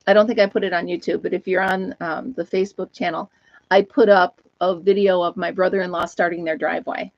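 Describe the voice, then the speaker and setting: A woman's voice: on the low side, fairly even intonation, fairly quick, no room sound. Chatty older woman, dull lo-fi sound. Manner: rambling, chatty, laughs often. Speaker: host of a live knitting chat stream. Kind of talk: casual live-stream chat. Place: at home.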